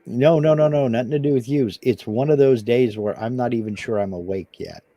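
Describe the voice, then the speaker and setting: A man's voice: medium pitch, brisk, dark tone. A man co-hosting a live stream, chatting in a dry, laid-back way and reading viewer comments aloud. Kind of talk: casual live stream chat.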